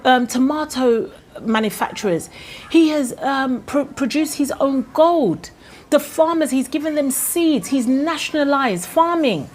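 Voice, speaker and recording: A woman's voice: high-pitched, a little mellow, a little hiss or hum. A woman with a Ghanaian accent, ranting with passion in a vlog, full of indignant rhetorical questions. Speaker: vlogger. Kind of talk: impassioned political rant.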